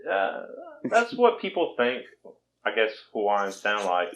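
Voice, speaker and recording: A man's voice: fairly low pitch, wildly swooping pitch, unhurried, a bit bright, low-quality recording. A man in his twenties with a Southern American accent, from Virginia, hosting a casual podcast chat in a rambling, self-deprecating way. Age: 20s. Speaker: podcast host.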